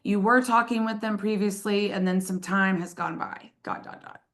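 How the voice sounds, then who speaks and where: Woman host, mid-pitch, upbeat, fields questions on a team call. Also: fairly even intonation, normal speed, a bit bright. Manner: upbeat, reads chat questions aloud.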